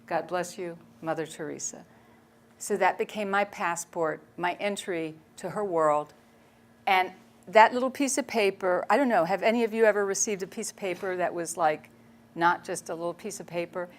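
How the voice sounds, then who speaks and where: A woman photojournalist giving a public talk. She tells stories in a chatty, animated way and laughs often. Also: lowish voice, normal speed. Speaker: speaker, photojournalist.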